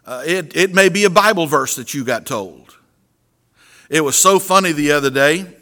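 A high, bright male voice belongs to a middle-aged pastor delivering an earnest sermon. He keeps doubling back on words as he restarts his sentences. His voice rings out with a long reverb from a large hall. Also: animated, moderate pace.

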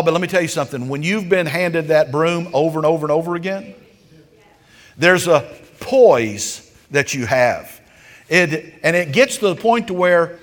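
A man preaching a sermon as folksy, homespun storytelling, with emphatic swells of intensity. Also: sits high. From rural countryside. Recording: long hall reverb.

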